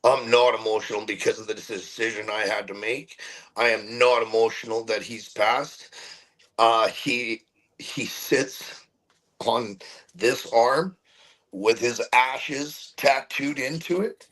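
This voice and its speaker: A middle-aged man speaking candidly as an interview guest, earnest and heartfelt, often halting and repeating words as he searches for them. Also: mid-range voice, fairly bright tone, low-quality recording.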